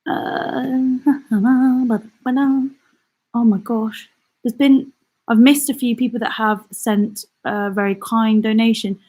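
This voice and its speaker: A woman from the Midlands hosting a casual live-stream chat, rambling warmly through her week and answering viewer comments with lots of fillers. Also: high-pitched, fairly even intonation. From England, the Midlands. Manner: chatty and rambling, lots of fillers, quick laughs. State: out of breath. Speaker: channel host.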